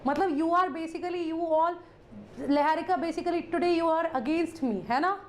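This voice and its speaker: A woman's voice: very high-pitched, fast, slight background noise. A woman teacher with an Indian English accent, chatting playfully with students during a live online class and mixing Hindi into her English.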